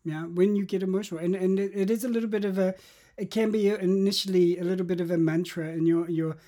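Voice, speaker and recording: A man's voice: high voice, steady tone, fast, warm tone. A man talking through how to change habits in an interview, reflective and explanatory, often restarting his sentences. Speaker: guest.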